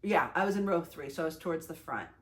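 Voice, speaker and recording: A young woman vlogger casually retelling her day, chatty and animated, with lots of fillers and self-conscious restarts. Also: sits low, quick pace. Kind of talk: casual storytelling recap.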